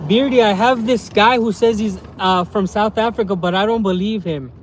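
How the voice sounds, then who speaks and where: A man livestreaming on his phone as he walks around town outdoors, chatting casually and excitably, rambling with lots of fillers. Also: high-pitched, moderate pace, a little hiss or hum. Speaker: vlogger livestreaming. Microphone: handheld phone livestream.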